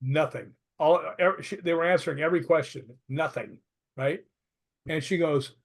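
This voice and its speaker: A man's voice: on the high side, moderate pace. A man being interviewed as a guest, telling anecdotes in a chatty way and laughing often. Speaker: paranormal investigator guest. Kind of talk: casual interview storytelling.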